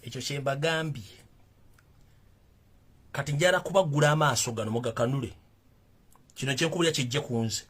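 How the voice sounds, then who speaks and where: A man with a husky voice giving heated, scolding commentary that builds to emphatic outbursts. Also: medium pitch, a little fast, long pauses, a bit bright.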